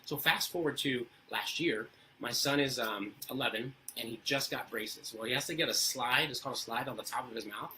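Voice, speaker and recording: A man speaks as an interview guest, sharing stories in an earnest, conversational way. His voice is bright and forceful. He talks at a quick clip and often checks in with rhetorical questions. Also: mid-range voice, slight background noise, low-quality recording. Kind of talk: casual storytelling interview.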